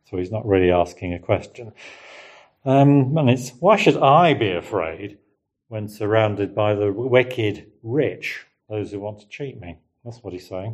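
A man with a fairly low voice gives a relaxed Bible teaching. He muses aloud and keeps checking in with his listeners through rhetorical questions. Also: unhurried. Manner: conversational, musing, asks the listeners rhetorical questions. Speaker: preacher.

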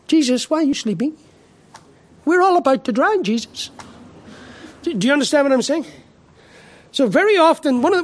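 An Irish man preaches a sermon in a voice that sits high, emphatic and full of rhetorical questions, often repeating his first word as he restarts. There's no room sound on the recording.

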